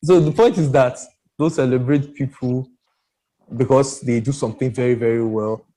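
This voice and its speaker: Mellow man talking animatedly. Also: mid-range voice, normal speed, rough recording. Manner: animated and emphatic, rambling with restarts. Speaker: podcast panelist. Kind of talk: casual discussion.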